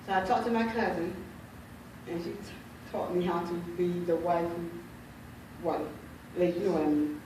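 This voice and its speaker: A middle-aged woman speaking at a women's conference, giving a heartfelt personal testimony in a halting way, often repeating phrases. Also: fairly low pitch, fairly even intonation, darkish tone. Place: large hall at a women's conference. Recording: echoey hall, voice from far off, faint hiss.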